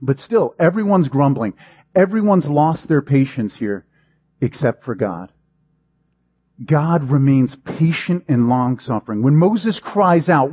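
A man's voice: on the high side, animated, a little slow, darkish tone, slightly rough, dry recording. A pastor preaching a sermon in a conversational, emphatic way, acting out the quotes he gives.

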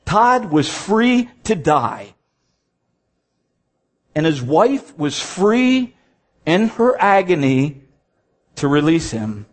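Emphatic man preaching a sermon. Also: fairly high pitch. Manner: emphatic, reads scripture aloud, repeats words for stress.

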